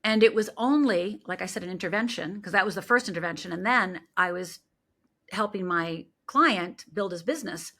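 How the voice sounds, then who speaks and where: A middle-aged woman speaks with a bright, forceful voice. She tells her story with lively energy and acts out the people she quotes. She speaks as a life coach in a relaxed interview. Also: lowish voice, normal speed.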